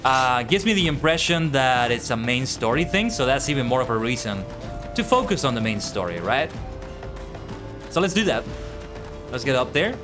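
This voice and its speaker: A man's voice: medium pitch, sing-song, moderate pace. Chatty young male game streamer. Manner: chatty, talks to chat. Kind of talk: livestream gameplay commentary. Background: game music.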